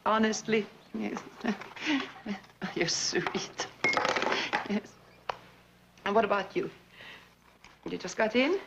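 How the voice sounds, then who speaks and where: An actress playing an abandoned woman on the phone to her lover, halting and soft-spoken as she insists she is calm. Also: medium pitch, a little hiss or hum. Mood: tender. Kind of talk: dramatic monologue, one side of a phone call. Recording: dull lo-fi recording.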